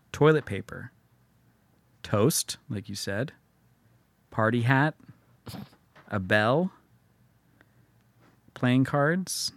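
A man's voice: mid-range voice, a bit bright, no room sound. A man co-hosting a podcast, chatting casually in a teasing, jokey way. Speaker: podcast co-host. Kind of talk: casual chat.

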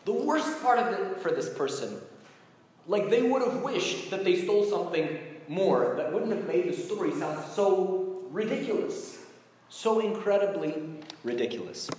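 A man's voice: high voice, sing-song, a little slow, darkish tone. Man preaching in an echoey hall. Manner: conversational, emphatic with rising exclamations. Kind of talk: sermon. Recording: echoey hall with faint background noise.

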